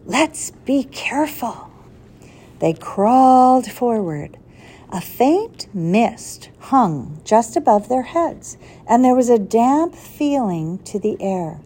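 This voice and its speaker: Slow, expressive woman reading a story aloud. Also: fairly high pitch. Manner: expressive, deliberate read-aloud with a slip corrected.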